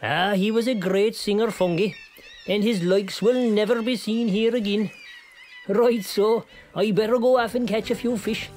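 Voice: mid-range voice, fairly even intonation, moderate pace, darkish tone, a little hiss or hum, lightly acted. Someone doing a boastful fisherman. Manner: rambling yarn-spinning, bursts into song. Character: boastful Kerry fisherman, tall-tale teller.

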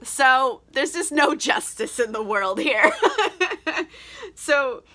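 Tipsy woman reviewing a book, bright and sweary, laughing a lot. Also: sits high, slow. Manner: chatty, laughing, lots of swearing and "like". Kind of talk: casual book recap.

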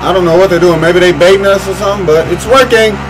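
Man gamer, casual slangy rants, slightly high and animated, noisy gameplay bed. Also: fast talker. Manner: excitable, swearing, ranting slangy complaints. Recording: noisy game and vehicle sounds behind.

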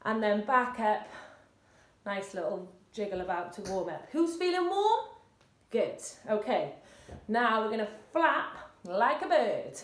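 Brief: woman, fitness instructor, high and sing-song, slow and clear, echoey room. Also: very animated. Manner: encouraging, with cheery whoops. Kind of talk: leading a seated exercise warm-up. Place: indoor room, seated on a chair.

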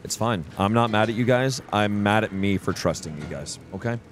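A young man streaming a video game, excitable and profane, laughing often and yelling at the game and chat. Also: on the low side, moderate pace, soft background music. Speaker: streamer, gameplay host. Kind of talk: live game commentary.

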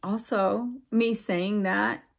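Gravelly-voiced woman vlogger musing aloud. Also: mid-range voice, steady tone. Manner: rambling and reflective, drifting into pauses; earnest, repeats words for emphasis. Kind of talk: casual heartfelt monologue to viewers.

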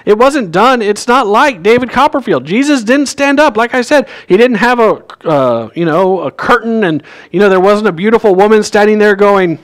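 A man's voice: sits high, expressive, normal speed, few pauses. A male pastor giving a sermon in a church, telling a story in a casual way and acting out the characters' lines. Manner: conversational storytelling, acts out quoted lines. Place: church sanctuary.

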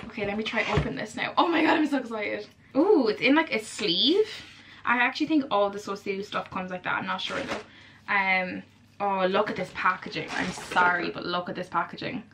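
Gushing, excitable young Irish woman. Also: medium pitch, normal speed, a little hiss or hum. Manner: gushing, excitable, chatty with many fillers. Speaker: vlogger. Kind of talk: casual vlog chat.

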